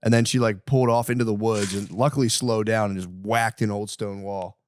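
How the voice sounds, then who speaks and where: A man's voice: fairly low pitch, fairly even intonation, a little fast, dry recording, clean studio sound. A man co-hosting a podcast in casual chat, who laughs often and acts out the people in his stories. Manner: laughs often, acts out quoted voices while retelling.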